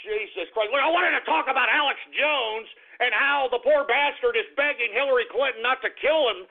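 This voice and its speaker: A male radio host rants on air, swearing and repeating himself over and over. His voice sits high and comes out raspy and gravelly. The broadcast sounds thin and tinny, like a phone line. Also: normal speed, hardly any pauses. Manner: cursing, exasperated, repeats himself. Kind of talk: angry on-air rant.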